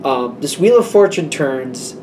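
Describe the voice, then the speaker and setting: A man's voice: on the high side, animated, measured pace, darkish tone, distant mic, a little hiss or hum. A man giving a casual, rambling tarot reading, acting out little exchanges between people as he talks. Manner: chatty, rambling, acts out quoted exchanges. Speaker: tarot reader.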